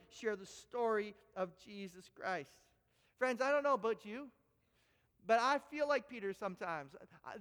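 A middle-aged Canadian man preaching to his congregation, pitched high for a man. He tells stories with animated energy and often repeats words as he goes. His voice rings with the long reverb of a large church hall. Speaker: pastor. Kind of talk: sermon. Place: church sanctuary.

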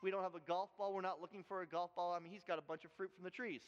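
This pastor, a Canadian man, shares a personal story from the pulpit with earnest feeling, often repeating words and starting over. He talks rapid-fire in a high voice with a steady tone. The hall echoes, and the sound is dull and lo-fi.

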